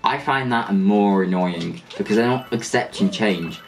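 A man's voice: fairly low pitch, unhurried. A young man chatting casually over a game he is playing, rambling and restarting his sentences, with game music underneath. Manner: rambling, chatty, with frequent restarts and jokey asides. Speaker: gaming channel host. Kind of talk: casual let's play commentary.

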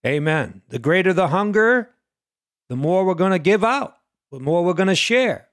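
A man preaching a sermon, swinging between loud peaks and quiet low lines and asking the listeners question after question. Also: expressive, moderate pace, dry recording, clean studio sound.

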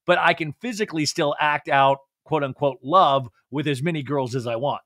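A man chatting casually on a podcast, animated and laughing often, sometimes mimicking people in a low drawl. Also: normal speed, dry recording, clean studio sound. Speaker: podcast guest. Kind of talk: casual chat.

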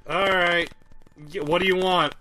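A man's voice: high-pitched, steady tone, unhurried, sharp tone, slight background noise, poor audio. A man commentating on a video game with a friend, joking and laughing often. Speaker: let's play commentator. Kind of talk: casual gameplay commentary.

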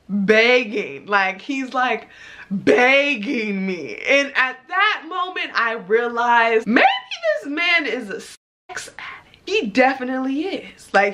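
Bright-voiced young woman, animated storytime. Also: on the high side. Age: 20s. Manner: animated, laughing, acts out quoted lines. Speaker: vlogger. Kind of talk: storytime chat.

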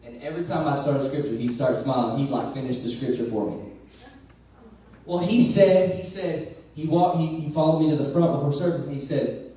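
High-voiced Texan preacher in an echoing church. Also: male voice, a little fast. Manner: preaching that drops to a soft storytelling voice and rises to a loud high call. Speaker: pastor. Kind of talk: sermon. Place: large church sanctuary. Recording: very echoey church heard from far off.

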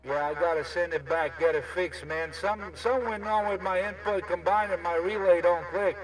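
A man chatting over CB radio, speaking in a drawn-out way full of radio jargon. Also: high voice. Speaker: CB radio operator. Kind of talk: casual CB radio chat with trucker lingo. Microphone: CB radio handset. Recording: distant radio voice with crowd noise.

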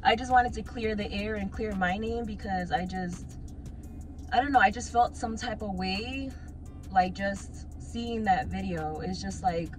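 A woman's voice: medium pitch, a little slow. Profane young woman vlogging over music. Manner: loose and profane, heavy with "like" and "um" fillers. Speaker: vlogger and club dancer. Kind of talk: casual vlog chat. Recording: clear background music under the voice. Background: music playing.

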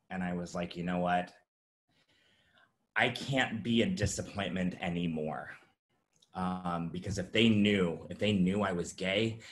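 Man, low voice, halting and filler-heavy, telling his own story at an online summit. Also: a bit bright. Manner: halting, many fillers and restarts. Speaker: presenter sharing his story. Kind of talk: personal testimony talk. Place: virtual summit presentation.

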